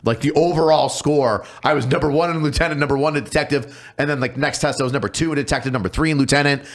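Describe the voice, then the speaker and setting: A man, a police officer guest on a podcast, telling stories casually with lots of swearing and quick impressions of other people. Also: on the high side. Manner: profane, animated, mimics people in his stories. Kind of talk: casual storytelling.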